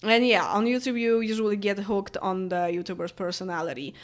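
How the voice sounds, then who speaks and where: In a medium-pitched voice with fairly even intonation and a brisk pace, a Polish woman in her late twenties answers viewer comments. The YouTuber's Polish-accented chat rambles casually, rich in fillers and easy laughs.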